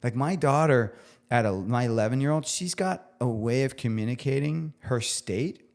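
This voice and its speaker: A man's voice: mid-range voice, moderate pace, vocal fry, darkish tone. A man in his forties, a guest chef talking earnestly on a podcast, often restarting as he searches for words. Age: 40s. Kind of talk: reflective podcast conversation.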